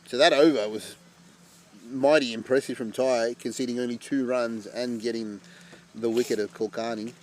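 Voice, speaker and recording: A man calls a local cricket match live in a chatty, easygoing way, and he gets loud and excited when a wicket falls. His voice sits at an ordinary middle pitch. Faint outdoor ambience hums behind him. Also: moderate pace, a little hiss or hum. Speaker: cricket commentator. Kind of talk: live amateur sport commentary.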